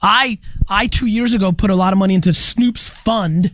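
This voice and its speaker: A man's voice: high-pitched, moderate pace, fairly bright tone, slight background noise. A man talking emphatically in a casual podcast chat, repeating his points for stress. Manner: emphatic, repetitive, profane. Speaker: guest.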